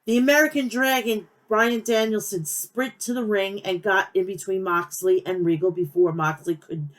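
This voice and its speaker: A woman's voice: medium pitch, fairly even intonation, normal speed. Brash Long Island woman ranting. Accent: Long Island New York. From Long Island, New York. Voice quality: nasal. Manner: profane, passionate, rambling. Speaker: wrestling podcast host. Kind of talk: casual rant.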